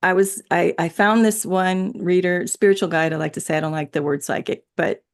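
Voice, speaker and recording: A woman's voice: fairly low pitch, fairly even intonation, fairly quick. A woman guest in a casual spiritual conversation, rambling and laughing often, with many restarts. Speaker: interview guest.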